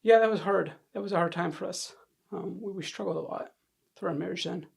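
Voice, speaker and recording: A man in his thirties, appearing as a podcast guest, shares a painful personal story candidly and emotionally, halting, repeating words when upset and sniffing as he goes. His voice is high-pitched, creaky and husky.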